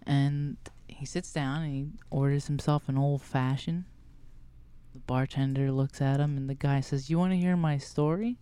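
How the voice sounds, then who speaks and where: A man's voice: mid-range voice, monotone, measured pace, warm tone, smooth. A man co-hosting a podcast, chatting casually and telling a joke, playful and laughing often. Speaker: podcast co-host.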